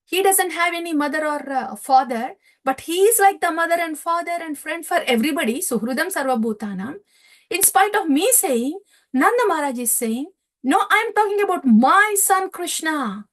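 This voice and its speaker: A woman leads a devotional scripture class, retelling the story with animated rhetorical questions. Her voice sits notably high. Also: a little fast. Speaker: scripture teacher.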